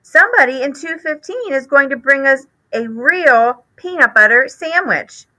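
A woman's voice: sits high, lively intonation, moderate pace, pushed and bright, voice pushed up, rough recording. A woman doing a bold young boy mouse. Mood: eager. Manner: eager, boastful.

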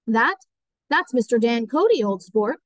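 A woman's voice: on the high side, animated, a little slow, dry recording. Audiobook figure: a genial wealthy young man, read by a woman, light and close. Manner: genial, says "old sport" often. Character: wealthy charming young man, eager host.

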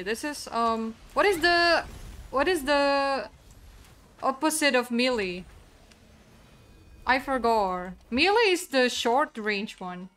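A woman's voice: on the high side, fairly bright tone. A young woman streaming a video game, chatting casually with her viewers, playful and giggling at her own wordplay. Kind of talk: casual live-stream chat while gaming.

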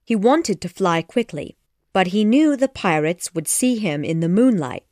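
Reading aloud from a children's classic, a woman narrator keeps her delivery measured yet expressive. Her pitch is medium, and the audio is a clean studio take with no room sound.

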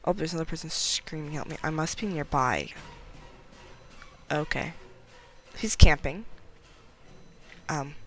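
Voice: mid-range voice, fairly bright tone, rough recording. A gameplay commentator talking casually while playing, chatty and giggly, mocking themself and getting nervous when danger comes near. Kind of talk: casual let's-play commentary.

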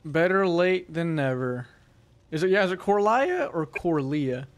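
Male streamer host, fairly high voice, quick callouts and easy banter with friends. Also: clean tone. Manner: excited, urgent callouts during play; laid-back, joking with chat between rounds. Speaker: livestream host playing a game. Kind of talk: casual gaming chat.

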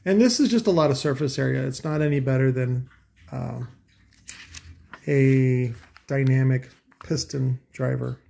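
A man's voice: medium pitch, measured pace, gravelly, long pauses, dark tone. A man hosting a casual commentary, talking in a sarcastic, profane, rambling way full of asides. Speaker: host.

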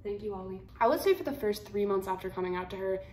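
A woman's voice: medium pitch, fast. Blunt, slangy twenty-year-old woman in a roomy room. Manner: blunt, slangy, animated retelling. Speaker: vlogger. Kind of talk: casual storytelling to camera. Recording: roomy echo, faint room hum.

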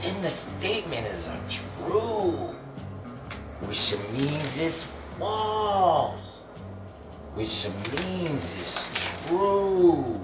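Frazzled mock-Italian pizzeria guy played by a man, hammy and slow, slightly high, echoey and off-mic with music under it. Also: very animated, exaggerated voice. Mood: puzzled. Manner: broken-English rambling, hammy and theatrical. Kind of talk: amateur comedy sketch. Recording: echoey room, distant mic, music behind.

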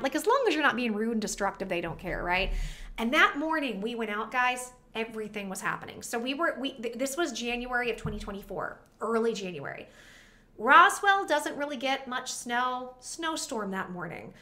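Bright, high-voiced chatty woman vlogger. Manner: chatty, rambling, emotional. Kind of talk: casual storytime vlog.

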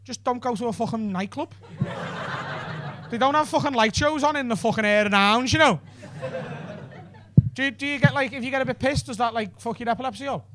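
A man's voice: extremely high pitch, a little fast, long pauses, fairly bright tone. A man doing stand-up, bantering with the crowd in a cheeky, sweary way on a comedy club stage.

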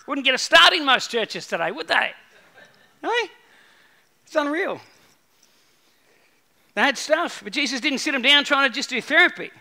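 A man preaching a sermon in an animated way, with repeated phrases and acted-out quotes. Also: extremely high pitch, normal speed, gravelly, long pauses. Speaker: pastor.

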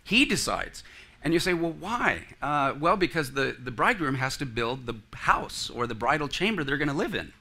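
Male pastor, mid pitch, very bright tone, earnest sermon style with congregation asides. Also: expressive, brisk. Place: church sanctuary.

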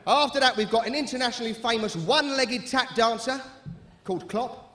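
A man's voice: very high-pitched, a little fast, bright, forceful tone. A man performing a brash compere's music-hall patter on stage. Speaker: stage actor playing a club compere. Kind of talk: live stage comedy performance.

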